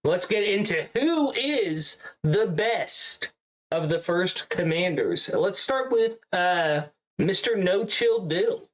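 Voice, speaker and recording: A man's voice: high-pitched, expressive, slow pace, a bit bright, low-quality recording. A man hosting a casual podcast stream, introducing his co-hosts with upbeat announcer-style flair and frequent laughs. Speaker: host and captain of a podcast. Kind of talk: casual chat.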